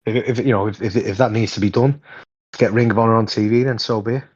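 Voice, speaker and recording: A man co-hosting a podcast in casual chat, an animated storyteller with a voice worn hoarse. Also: fast. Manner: animated storyteller, jumps high in pitch. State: hoarse, hungover. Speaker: podcast co-host. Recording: dull lo-fi sound.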